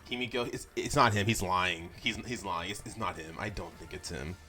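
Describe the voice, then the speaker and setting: A man's voice: sits low, fairly quick, sharp tone, faint music behind. A man streaming a game live, chatting casually with viewers, stammering and laughing as he talks. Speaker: let's play streamer.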